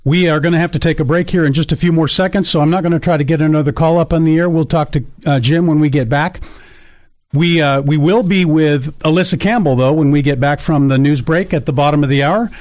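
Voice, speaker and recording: A man co-hosting talk radio, brisk and businesslike as he throws to a break. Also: fairly high pitch, darkish tone. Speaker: radio talk show co-host.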